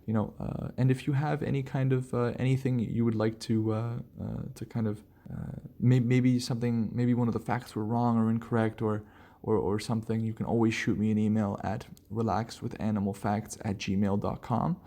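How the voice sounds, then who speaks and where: A man hosting a relaxed solo podcast, rambling casually with lots of fillers and restarts. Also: fairly low pitch, normal speed, vocal fry, hardly any pauses. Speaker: podcast host.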